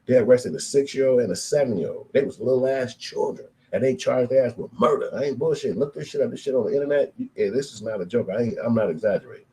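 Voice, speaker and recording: A man around thirty telling stories in casual street slang, animated and profane, acting out the voices of people in his stories. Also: mid-range voice, fast, hardly any pauses, poor audio. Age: 20s to 30s. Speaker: storyteller. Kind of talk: casual street storytelling monologue.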